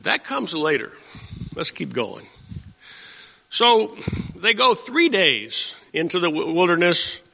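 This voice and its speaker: A man's voice: sits high, very animated, takes it slowly, creaky, pauses often, pushed and bright. A man preaching a conversational sermon, teaching from scripture and asking his listeners rhetorical questions. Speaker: pastor. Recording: dull sound with long hall reverb.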